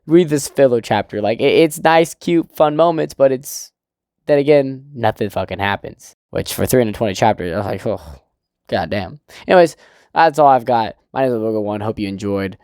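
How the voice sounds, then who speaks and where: Young man, manga review, rambling and cussing, gravelly, close dry sound. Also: medium pitch, animated, a little fast, darkish tone, dry recording. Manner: rambling recap with swearing and laughs. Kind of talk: casual manga review recap.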